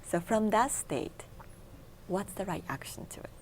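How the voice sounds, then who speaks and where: A woman's voice: medium pitch, expressive, a little slow. A woman whose first language is Japanese, a meditation instructor being interviewed in a TV studio, explaining steps in simple English. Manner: explains in numbered steps, simple non-native grammar. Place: local TV studio.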